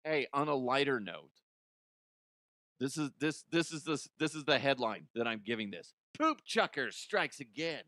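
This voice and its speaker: A man hosting a comedic news commentary podcast, animated and joking, now and then breaking into silly high voices. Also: normal speed, no echo, clean studio sound. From Colorado, USA. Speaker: podcast host.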